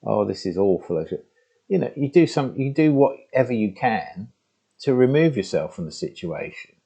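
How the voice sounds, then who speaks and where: A man giving a reflective spoken talk to his laptop at home, halting and conversational with frequent restarts. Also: medium pitch, very animated, mellow, breathy edge. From England. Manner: halting and conversational, with many restarts and "you know". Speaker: spiritual teacher. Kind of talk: reflective spoken monologue to camera. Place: room at home with the door open. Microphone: laptop microphone.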